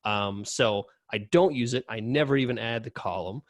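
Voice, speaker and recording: A male podcast co-host speaks at a mid pitch on a dry, close studio mic. He talks casually but emphatically, with frequent fillers and repeated starts. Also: moderate pace, no room sound.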